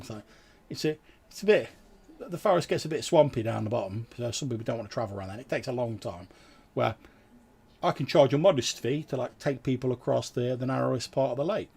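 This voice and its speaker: Man, husky voice, casual game master full of fillers. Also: mid-range voice, brisk, darkish tone. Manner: casual, hesitant, many fillers. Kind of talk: narrating a tabletop game.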